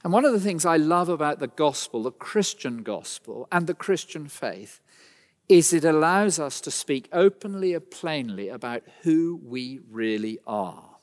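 A man preaching a sermon, emphatic and rhetorical, with dramatic pauses. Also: sits high, a little mellow. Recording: long hall reverb.

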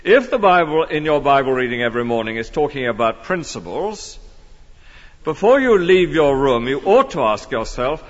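A man's voice: medium pitch, moderate pace. Male preacher, earnest sermon, long church reverb, muffled lo-fi sound. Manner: earnest, lively emphasis. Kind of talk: expository sermon.

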